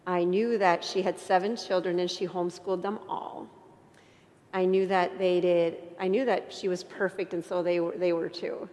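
A woman giving an earnest, emotional faith testimony to an audience, with self-deprecating humor and halting restarts. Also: fairly low pitch, level tone, darkish tone. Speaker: inspirational speaker. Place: church. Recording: long church reverb.

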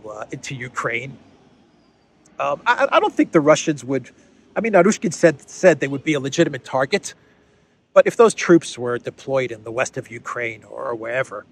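Man of average pitch hosting off-the-cuff political commentary, sardonic and thinking aloud. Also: very animated, moderate pace, breathy edge. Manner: conversational, repeats words while thinking, sardonic asides.

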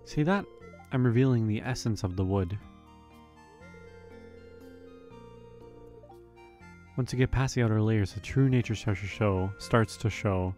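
A man voicing a young woman artist from a farming game, speaking softly and earnestly. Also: lowish voice, brisk, soft background music, lightly acted. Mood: friendly.

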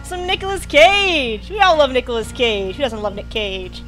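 A woman's voice: sits high, moderate pace, a bit bright, faint music behind. A woman streamer giving casual gameplay commentary, chatty and grumbling, talking to the game's characters. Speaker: gaming streamer.

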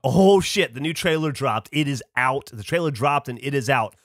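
A man chatting casually on a podcast with a lively voice that goes up and down a lot. He moves between deadpan teasing and excited gushing. The sound is dry and close. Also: medium pitch, normal speed, no echo. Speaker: podcast co-host. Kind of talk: casual chat.

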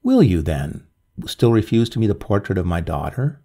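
A man voicing a heartbroken older father who tells of his dead daughter in a halting, pleading way. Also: deep voice, big pitch swings, warm tone, husky, heavily acted. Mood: grieving.

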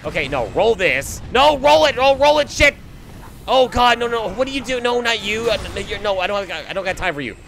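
A young man giving excitable, swearing let's play commentary while he fights through a game. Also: high voice, fairly quick, crowd noise. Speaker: gameplay commentator.

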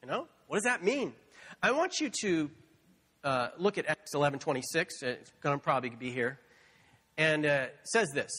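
A man preaching a sermon as pastor, playful and animated, acting out animal sounds in a storytelling way. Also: on the high side, normal speed, in a large hall. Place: church sanctuary.

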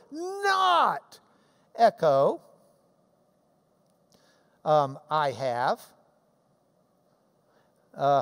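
Animated man teaching in an echoey hall. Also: a little high. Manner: animated, emphatic, jokey asides. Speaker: Bible teacher. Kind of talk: Bible class lecture. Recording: long reverb of a large hall.

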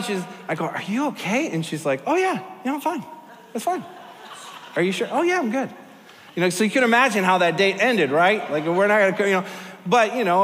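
A male pastor with a high voice, preaching in a large church auditorium. He tells his story in a joking, animated way, and his words carry a long reverb. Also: a little hiss or hum. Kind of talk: sermon with a comic story.

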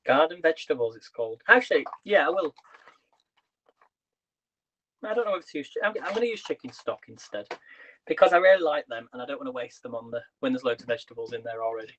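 A man's voice: mid-range voice, expressive, rapid-fire, a bit bright, low-quality recording. A man hosting a live cooking stream from his home kitchen, chatting with viewers and reading their comments as he cooks.

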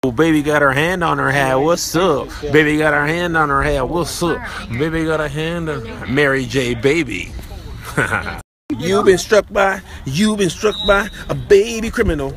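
A man filming his kids, joking with them and shouting playful encouragement from the sidelines. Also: mid-range voice, animated, moderate pace. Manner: playful, teasing, loud sideline hype. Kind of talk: home video banter and cheering. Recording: outdoor crowd noise.

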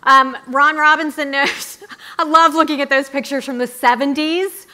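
A middle-aged woman giving a chatty, brisk speech to a student audience, full of asides. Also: sits high, steady tone, bright, forceful tone. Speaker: conference speaker.

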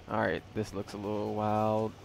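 A man's voice: on the low side, creaky, a little hiss or hum. A man giving casual let's-play commentary, reacting to gameplay with slangy jokes.

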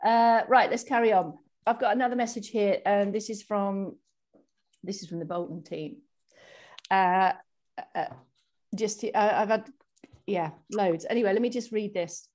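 A woman's voice: medium pitch, unhurried, long pauses, a little mellow. A woman hosting an online exercise class celebration, reading out thank-you messages on a video call in a chatty way with frequent restarts.

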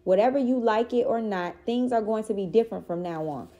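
A woman doing a blunt elderly grandma, firm, no-nonsense, low warm voice. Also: brisk, highs cut off, natural voice. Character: stern elderly grandmother with a cane.

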